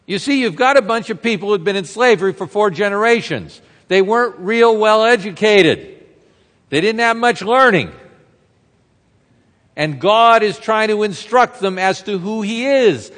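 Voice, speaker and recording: High-voiced pastor preaching in a reverberant hall. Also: male voice, lively intonation, unhurried, a bit bright. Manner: conversational, asks the congregation rhetorical questions. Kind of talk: expository sermon.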